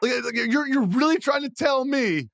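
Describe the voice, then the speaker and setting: A man co-hosting a sports podcast, talking casually in an animated, disbelieving way and laughing through his rants. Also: very high voice, normal speed, gravelly, no echo, studio quality. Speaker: podcast co-host.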